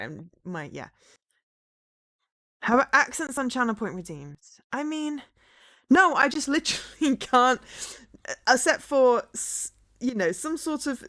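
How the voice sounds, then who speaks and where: A woman in her forties with a fairly neutral English accent talks her stream through a game. Her voice sits a little low and the sound is close and dry, with no room around it. She rambles, corrects herself and pokes fun at herself as she goes. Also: a bit bright, dry recording. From English Midlands. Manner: rambling, self-deprecating, many fillers and restarts. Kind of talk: casual live-stream chat while gaming.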